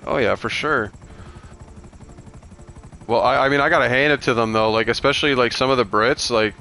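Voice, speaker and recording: A man's voice: medium pitch, moderate pace, sharp tone. A man hosting a gaming stream, chatting casually with many restarts and casual swearing. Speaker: gaming channel host.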